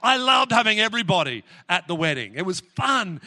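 A middle-aged man preaching a sermon from the front of a church, praying and telling family stories in an animated, exclamatory way with many restarts. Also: high voice, brisk, few pauses. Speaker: pastor. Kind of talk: sermon with prayer and personal stories. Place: church hall. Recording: long hall reverb in church.

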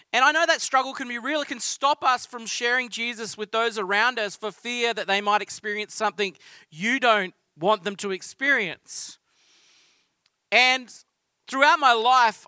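A man's voice: sits high, pushed and bright, no room sound. A man with an Australian accent preaching a sermon in a conversational, storytelling way. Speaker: pastor.

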